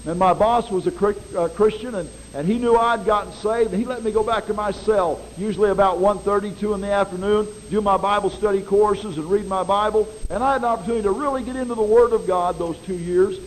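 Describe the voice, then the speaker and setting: High-voiced folksy male preacher. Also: brisk, hardly any pauses, a little hiss or hum, poor audio. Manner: folksy, animated preaching with dramatic voice swings. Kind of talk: sermon.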